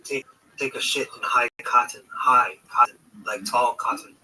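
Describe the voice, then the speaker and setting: A man's voice: medium pitch, fairly even intonation, moderate pace, bright, forceful tone, far from the mic, a little hiss or hum, low-quality recording. A man voicing an eager male sidekick with a Southern US accent, talking in folksy sayings.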